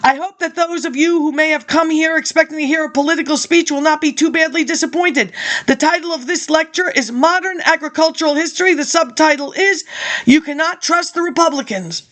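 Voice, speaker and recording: Woman, high voice, reads archive speech aloud, drifts into loose chatty asides. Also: fairly quick, a bit bright. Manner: rambling, chatty asides, frequent laughs and throat clearing. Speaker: reader of archive documents. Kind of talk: reading a speech aloud with offhand commentary.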